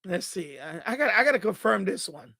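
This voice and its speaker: Male live-streamer, exasperated and profane, very high pitch, casual rant. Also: animated, a little fast, gravelly, pushed and bright, breathy edge. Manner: exasperated, swears freely. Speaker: radio hobbyist live-streamer. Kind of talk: ranting live-stream chat.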